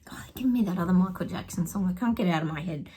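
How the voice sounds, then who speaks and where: A woman's voice: lowish voice, rapid-fire, warm tone, breathy edge. A middle-aged woman, a psychic, chatting casually to viewers while pulling tarot cards, rambling and laughing often. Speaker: psychic giving tarot predictions.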